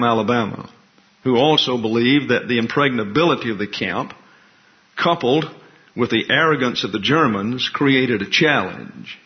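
A man giving a history presentation in a steady, measured reading voice, with occasional asides. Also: mid-range voice. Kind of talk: reading a prepared history talk. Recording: dull lo-fi recording.

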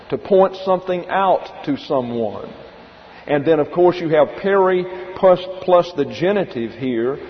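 Man teaching a sermon in a reverberant hall. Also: a little high. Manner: teaching verse by verse, explaining Greek words. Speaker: pastor. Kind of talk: expository sermon. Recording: dull lo-fi recording in a reverberant hall.

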